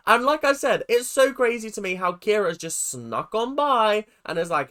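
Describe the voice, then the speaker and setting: Reaction host, female, lively swooping delivery, ranty and casual. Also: medium pitch, normal speed, hardly any pauses. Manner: animated and ranting, laughing often.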